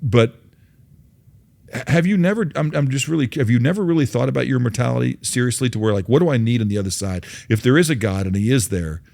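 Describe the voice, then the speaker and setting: A man's voice: medium pitch, animated, quick pace, creaky, a little mellow. A man hosting an interview, telling a folksy parable in an earnest way with many restarts. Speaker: host. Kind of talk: faith-based interview, storytelling.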